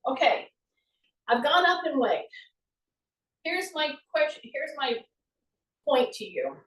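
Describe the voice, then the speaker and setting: A woman's voice: high-pitched, sing-song, slow, a bit bright, recorded from a distance. A woman fitness instructor, leading a live exercise class and talking chattily as she demonstrates the moves. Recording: echoey room, voice from off the mic.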